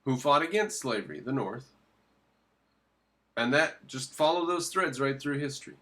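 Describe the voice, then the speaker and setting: A man in the middle of opinionated commentary, with a voice of ordinary pitch. He presses his points hard, asking rhetorical questions and answering them at once. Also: lively intonation, moderate pace, bright, forceful tone. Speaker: political commentator reacting to a video clip.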